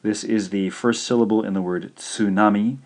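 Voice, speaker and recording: A man teaching in a recorded video lesson, patient and slow, saying each syllable out clearly. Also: on the low side, steady tone, a little mellow. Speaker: language teacher.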